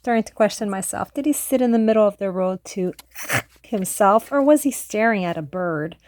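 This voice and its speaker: A woman's voice: medium pitch, lively intonation, normal speed, a little mellow, slight background noise. A woman vlogger chatting casually about manga and retelling a story in a rambling way, full of fillers.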